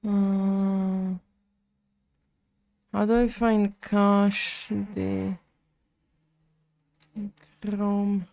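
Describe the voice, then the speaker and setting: A woman's voice: mid-range voice, gravelly, mellow, no room sound. A woman streaming live, muttering to herself while she works at the computer and chatting with her viewers. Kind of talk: casual live-stream chat while coding.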